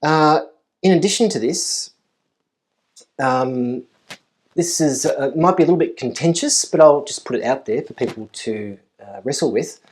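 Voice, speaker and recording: A man giving a conference lecture at a university, thoughtful and measured, often pausing with ums and repeating key phrases for emphasis. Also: a little high, animated, darkish tone. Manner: thoughtful, with frequent ums and uhs.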